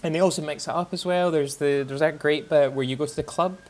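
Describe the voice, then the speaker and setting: A woman guesting on a casual podcast, with a notably low voice for a woman. She chats in a relaxed, enthusiastic way that rambles through plenty of fillers. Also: quick pace. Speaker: guest, games journalist.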